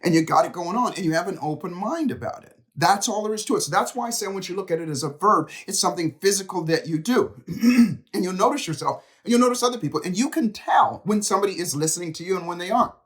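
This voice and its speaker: A middle-aged man speaks as a motivational speaker, his voice sitting a little above the usual male pitch. He tells personal stories straight to the camera in an animated way. When he quotes others, he plays out their lines. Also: fast. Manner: animated storytelling, acts out quotes. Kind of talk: direct-to-camera motivational talk.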